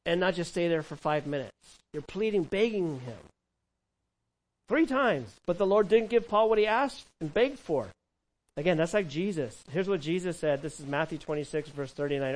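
A man preaching a sermon who asks the congregation questions and acts out prayers and quotes, swinging from loud cries to hushed words. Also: a little high, animated, normal speed, low-quality recording. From California. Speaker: pastor.

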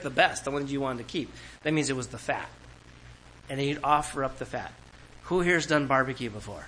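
A man's voice: medium pitch, a little fast, pushed and bright, a little hiss or hum, rough recording. A man preaching a sermon to a congregation in a church, talking in a conversational way and acting out quoted voices. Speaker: pastor.

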